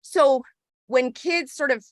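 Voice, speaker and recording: A woman's voice: sits high, takes it slowly, dry recording, clean studio sound. A woman co-hosting a parenting podcast, talking in a reflective, affirming way and often checking in with "right?". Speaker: podcast co-host. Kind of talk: casual conversational chat.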